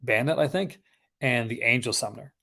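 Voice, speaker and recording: A man's voice: medium pitch, a little fast, gravelly, bright, forceful tone. A man hosting a casual live unboxing stream, chatting in a rambling, conversational way with enthusiastic asides about films he collects.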